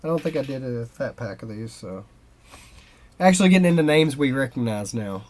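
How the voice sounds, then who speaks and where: A man's voice: mid-range voice, lively intonation, fairly quick, a little mellow. A man co-hosting a card-opening show, chatting casually and reading player names aloud as he pulls cards. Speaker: co-host opening baseball cards.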